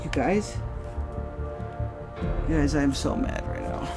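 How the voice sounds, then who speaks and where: Casting: young male gamer, high wild voice, shouty cursing reactions, loud game music under him. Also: very animated, slow pace, gravelly. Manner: swearing, yelling, frustrated outbursts. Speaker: gaming video creator. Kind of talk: live gameplay reaction.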